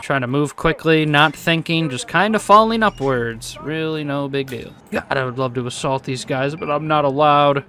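A man giving excitable, swearing gameplay commentary, joking to himself as he plays. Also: fairly high pitch, normal speed, few pauses. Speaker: gaming video host.

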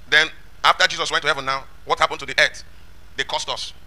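A man preaching a sermon, emphatic, asking rhetorical questions and shouting lines of scripture. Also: fairly high pitch, fast.

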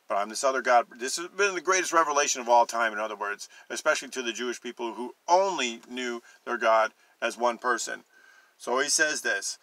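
A man giving an online Bible teaching, emphatic and slowing down to stress the verses he reads. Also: mid-range voice, bright, forceful tone, dry recording. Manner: emphatic, slows down and stresses scripture readings.

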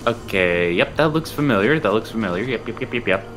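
Bright, animated goofy man. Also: lowish voice, a little fast, faint music behind. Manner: goofy, helpful, bursts into silly shouts. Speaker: co-host helping with the stream. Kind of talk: casual gameplay stream chat.

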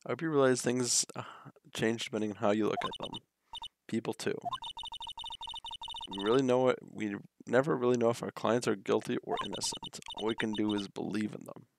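A man voicing a calm, earnest young female law mentor in a soft, sincere way, reading game dialogue aloud. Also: fairly low pitch, brisk, gravelly, background noise. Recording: music behind the voice.

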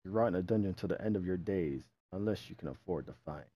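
A man's voice: sits low, fast talker, breathy edge, dull audio. A man voicing a harsh, scornful male guard in a game. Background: game music.

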